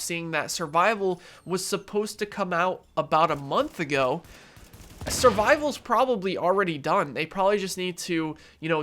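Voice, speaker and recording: A man's voice: a little high, sharp tone. A young man with a nasal, stuffed-up voice from allergies, giving his earnest opinion in a casual gaming vlog. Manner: earnest, opinionated, conversational with fillers. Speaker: gaming YouTuber.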